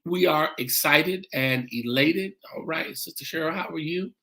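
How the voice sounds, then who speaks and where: A pastor hosting a church livestream, greeting viewers by name and repeating "come on in" in a casual, welcoming way. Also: male voice, on the high side, normal speed, pushed and bright.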